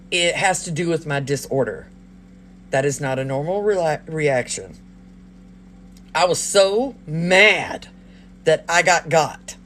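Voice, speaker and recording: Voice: mid-range voice, a little hiss or hum. An adult livestreamer and parent telling a story casually to a live audience. They laugh often and act out the lines of others. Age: adult, parent of a child. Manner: animated, laughs often, acts out quoted lines.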